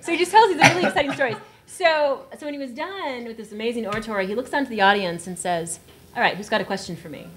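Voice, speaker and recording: A woman in her thirties from South Texas, a writer on a panel, telling a story. She talks in an animated way, laughs often and acts out the voices she quotes. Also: fairly high pitch, fast. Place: auditorium panel discussion.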